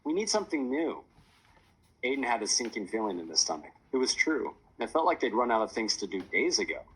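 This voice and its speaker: Husky lively storybook narrator, male. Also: lowish voice, fast, poor audio. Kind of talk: audiobook narration.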